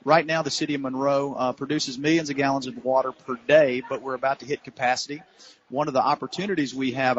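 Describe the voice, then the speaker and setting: Council candidate, Louisiana man, mid-pitched, earnest campaign answers, dull lo-fi radio sound. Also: a bit bright. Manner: earnest, campaign-style talk with many "uh"s and "you know"s. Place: cigar shop, live remote broadcast.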